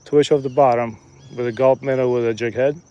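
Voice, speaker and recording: A man's voice: medium pitch, fairly even intonation, fairly quick, warm tone, highs cut off. A man in his thirties chatting and joking casually to viewers while he live-streams a fishing trip outdoors. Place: outdoors by a lake.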